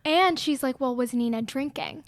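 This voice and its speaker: A woman co-hosting a casual podcast, with a somewhat high voice. She talks things through thoughtfully and drops "like" often as she goes. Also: normal speed, a loud crowd. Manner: thoughtful, frequent "like" fillers. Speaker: podcast co-host, academic.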